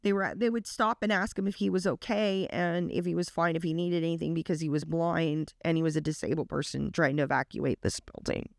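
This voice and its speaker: A woman's voice: deep voice, steady tone, fairly quick, gravelly, hardly any pauses, dry recording, studio quality. A woman reaction vlogger earnestly retelling a story in a casual, emotional way.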